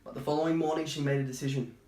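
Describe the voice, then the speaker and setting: A man reading a children's picture book aloud, breaking off for chatty, gentle asides. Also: fairly high pitch, fairly even intonation, racing, slight background noise. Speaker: storytime reader. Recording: roomy echo.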